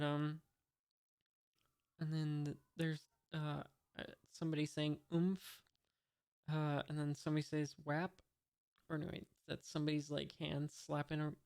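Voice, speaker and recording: A manga reader and channel host from the United States, with a fairly high, smooth, darkish voice, reads a comic aloud for the first time. He describes every panel and slips in hesitant, wry asides.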